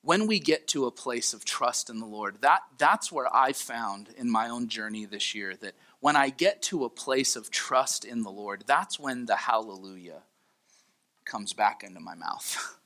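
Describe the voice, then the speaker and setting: A man's voice: medium pitch, animated, a little slow, sharp tone. A man preaching a sermon as pastor, earnest and pleading, often repeating his phrases.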